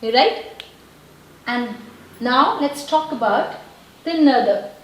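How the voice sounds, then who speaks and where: A woman's voice: sits high, lively intonation, slow, very echoey, slight background noise, rough recording. A woman teaching a language lesson, patiently explaining and repeating words and checking in with her viewers. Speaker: French teacher.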